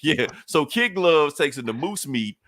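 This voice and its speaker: Podcast co-host, male, relaxed storyteller, voices quotes, dry close sound. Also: on the high side, measured pace, no room sound. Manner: loose storytelling, acts out quotes, laughs often. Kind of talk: casual comic recap.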